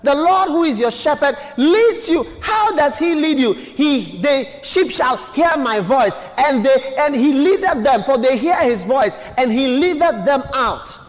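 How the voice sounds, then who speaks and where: A man with a strikingly high voice preaches a sermon, pressing his congregation with repeated questions. His words ring out through a large church hall, trailing a long reverb. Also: expressive, a little slow, few pauses. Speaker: pastor.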